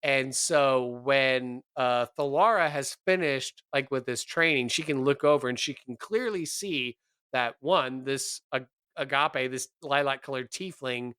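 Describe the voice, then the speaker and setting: A man playing in a tabletop game, describing his character's actions in an animated, rambling way. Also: medium pitch, unhurried, clean tone, no room sound. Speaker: player. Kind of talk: tabletop game role-play.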